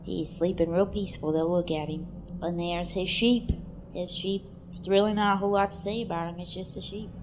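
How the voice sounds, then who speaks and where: A woman giving casual, crude comic play-by-play narration of a cartoon, offhand at times and breaking into excited exclamations. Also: fairly low pitch, a little fast, slight background noise.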